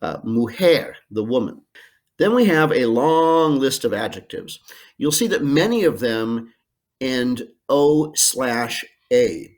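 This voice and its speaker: A middle-aged man teaching a Spanish lesson from home in a recorded screencast, modeling phrases slowly and carefully with frequent ums. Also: medium pitch, expressive.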